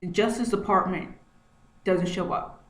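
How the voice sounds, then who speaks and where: A woman's voice: lowish voice, steady tone, measured pace. A woman vlogging from home at her computer, talking through what is on her screen in an agitated way and repeating herself often. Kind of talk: screen-share commentary. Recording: roomy echo, faint noise.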